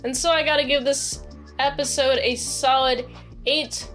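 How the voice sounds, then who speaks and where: Woman reviewer, casual rambling recap, playfully exasperated, light higher voice. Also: steady tone, measured pace, a bit bright. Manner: chatty, rambling, frequent "like" and "uh" fillers; playfully exasperated, talks to characters directly. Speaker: TV show reviewer. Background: faint background music.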